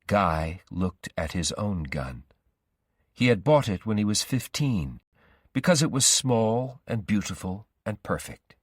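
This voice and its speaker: Slow, deep-voiced male storyteller. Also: very animated, no echo, studio quality. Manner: slow, deliberate reading. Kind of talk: graded reader narration for English learners.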